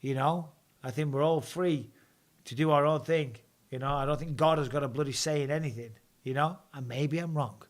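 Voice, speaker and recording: Man, live-stream host, casual, blunt, jokey, slightly high voice. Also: moderate pace. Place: home.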